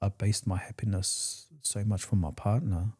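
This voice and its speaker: A man's voice: lowish voice, steady tone, normal speed, dark tone, breathy edge. A man with a New Zealand accent, a podcast guest telling his personal story in a raw, emotional way, swearing freely and re-enacting past conversations.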